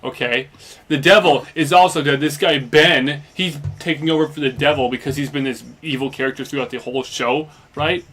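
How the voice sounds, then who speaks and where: Fairly high in pitch and a bit bright, this young man's voice stays steady in tone and runs a little fast. He's a let's play commentator rambling through a casual story recap during gameplay, with lots of fillers like "basically" and "like."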